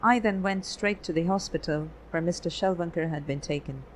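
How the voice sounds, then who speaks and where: A woman reading as a calm German-raised photographer. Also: lowish voice, slight background noise, natural voice, poor audio. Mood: earnest. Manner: measured, explanatory storytelling.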